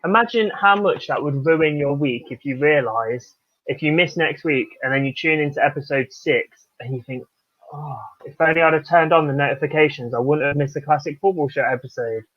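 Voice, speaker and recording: A man's voice: on the high side, brisk, dry recording. A young male co-host with a slightly raised voice who jokes around and mocks himself. The recording is dull and muffled, and it is dry with no room sound. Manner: jokey, self-mocking. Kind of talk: casual chat.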